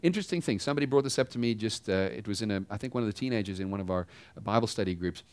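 A pastor giving a sermon in a conversational style, asking the congregation rhetorical questions. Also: male voice, lowish voice, racing, a little mellow, clean tone.

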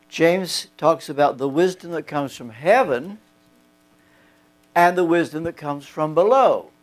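A man in his seventies preaching a sermon to a congregation, folksy and joking, with a lingering cough. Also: fairly high pitch. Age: 70s. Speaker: pastor.

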